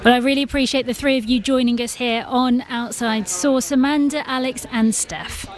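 A woman presenting a live radio news show, briskly steering guests. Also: sits high, steady tone. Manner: brisk, quick to hand over to guests.

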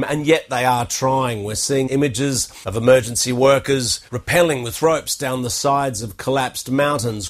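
Male correspondent, mid-pitched, earnest and conversational. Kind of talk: news report.

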